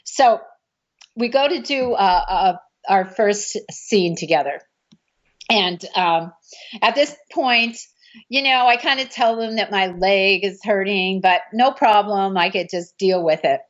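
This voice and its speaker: This is a martial arts film actress recounting a shoot as an anecdote, acting out what other people said. Her voice is medium-pitched and a little slow, captured on a dull lo-fi recording.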